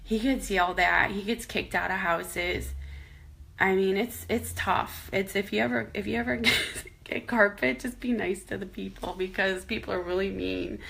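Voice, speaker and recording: Tearful woman with a gravelly edge. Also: mid-range voice, steady tone, a bit bright. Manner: tearful, halting, many restarts. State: crying at times. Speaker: vlogger. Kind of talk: emotional personal vlog.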